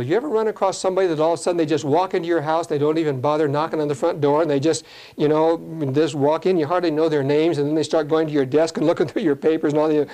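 A man preaching a sermon, reading scripture slowly and explaining it in plain, earnest talk. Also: fairly high pitch, mellow.

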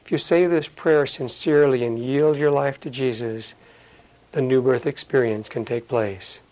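A pastor giving a conversational Bible-study sermon. He reads scripture slowly and explains it in plain, folksy asides. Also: mid-range voice, steady tone, a little mellow, rough recording. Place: church.

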